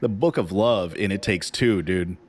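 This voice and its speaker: A man's voice: deep voice, moderate pace, background noise. A man hosting a gaming podcast, laid-back and laughing easily in casual chat.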